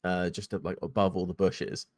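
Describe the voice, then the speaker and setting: A man's voice: low voice, level tone, moderate pace, a little mellow. A man running a tabletop game as game master, narrating with lots of fillers and laughter.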